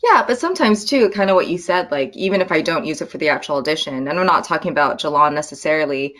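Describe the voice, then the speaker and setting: A woman with a notably low-pitched voice speaks as an interview guest. She talks casually and reflectively, often pausing on fillers and restarting her sentences. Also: lively intonation, fairly bright tone. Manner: thoughtful, lots of filler and restarts. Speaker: actress guest.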